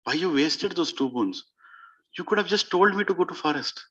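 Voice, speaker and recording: A man voicing a gentle, sorrowful young prince who speaks to his stepmother in a slow, soft, reproachful way. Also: fairly high pitch, lively intonation, slightly rough, dull audio.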